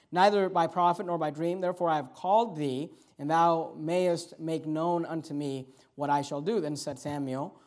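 A man preaching a sermon, reading old scripture verses aloud and retelling them in casual everyday talk, building to emphatic peaks. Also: high-pitched. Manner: reads King James verses then paraphrases in casual modern speech. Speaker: pastor.

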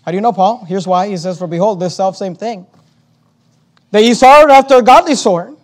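High-pitched preacher, booming in bursts. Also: male voice, a little fast. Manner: preaching with surges of volume and emphatic repetition. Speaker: pastor. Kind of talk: sermon.

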